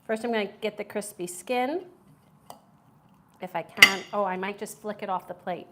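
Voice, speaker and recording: A woman's voice: medium pitch, moderate pace, heavy background noise. A woman hosting a casual live-stream food review, chatty and enthusiastic, reading viewer comments aloud.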